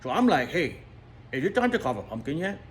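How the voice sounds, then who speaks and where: A man's voice: on the high side, sing-song, a little fast, slight background noise. A man voicing a chatty, jokey male toy dog who rambles, repeats words and laughs at his own jokes. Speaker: storyteller host. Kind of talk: comic storytelling monologue.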